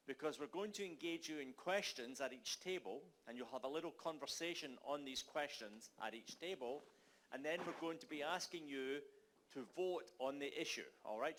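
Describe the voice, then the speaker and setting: A man with a Scottish accent giving brisk, friendly instructions to a conference audience. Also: on the high side, fairly bright tone. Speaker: conference facilitator. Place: conference hall.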